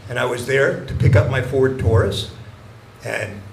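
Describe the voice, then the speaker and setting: An older man doing stand-up comedy in a mock-innocent, deadpan storytelling manner on a club stage with a handheld mic. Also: mid-range voice, measured pace, gravelly. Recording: echoey club with audience noise.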